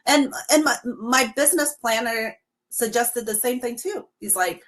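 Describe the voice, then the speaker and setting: A woman's voice: fairly high pitch, measured pace, fairly bright tone. A woman telling her story in a casual live stream, quoting the people she dealt with. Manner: emphatic, recounts dialogue in quotes. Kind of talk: casual spoken testimony.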